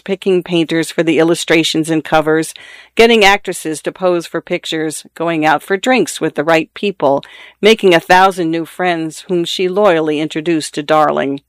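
A man reading a short story aloud for an audiobook, measured and even in his delivery. His voice sits slightly high for a man. The sound is close and completely dry. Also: clear, resonant tone, dry recording. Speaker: narrator.

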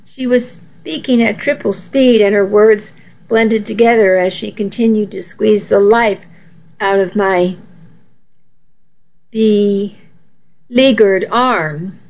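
A woman's voice: medium pitch, steady tone, slow, long pauses, a little mellow, highs cut off. A woman narrating a first-person story in a wry, self-mocking tone.

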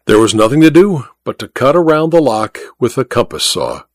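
A man narrating an old-fashioned story as an expressive audiobook reader. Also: mid-range voice, moderate pace, no echo, studio quality.

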